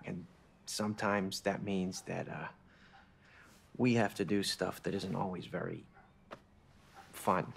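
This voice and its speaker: A husky, harried game dad. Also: male voice, sits low, fairly even intonation, takes it slowly, pauses often, full character voice. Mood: gentle. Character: harried young family man, defensive. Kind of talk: video game cutscene dialogue.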